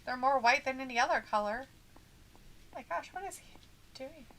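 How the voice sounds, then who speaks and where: A woman's voice: sits high, normal speed, a bit bright. A woman co-hosting a wrestling watch-along, reading viewer comments aloud in a playful, teasing way.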